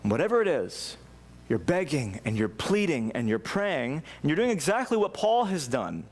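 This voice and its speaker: Earnest, higher-voiced male pastor preaching. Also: sing-song, normal speed. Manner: earnest, impassioned, with frequent restarts. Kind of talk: sermon. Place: church.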